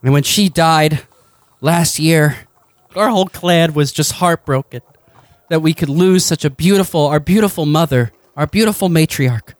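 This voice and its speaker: A man's voice: normal speed, no echo, lightly acted. A man voicing a weary, rambling male rebel leader in a tabletop game, sighing as he talks. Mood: earnest. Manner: sighing, rambling, high-strung. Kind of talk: tabletop role-play character voice.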